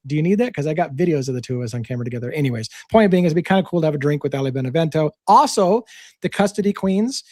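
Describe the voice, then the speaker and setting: A man's voice: on the high side, darkish tone, dry recording, clean studio sound. A man co-hosting a casual live stream, rambling and joking with many restarts. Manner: rambling, self-interrupting, joking.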